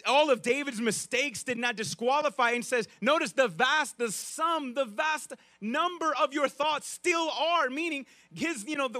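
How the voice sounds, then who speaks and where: A man preaching a sermon in a conversational, animated way, with frequent restarts and asides to the congregation. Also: extremely high pitch, no echo. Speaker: pastor.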